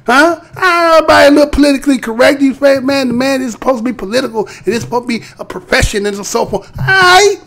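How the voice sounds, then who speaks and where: Creaky-voiced man ranting on a live show. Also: extremely high pitch, expressive, fast talker, hardly any pauses, a bit bright. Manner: rambling, profane, streetwise, asks "right?" often. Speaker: host of a live streamed show. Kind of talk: casual rant to a live chat.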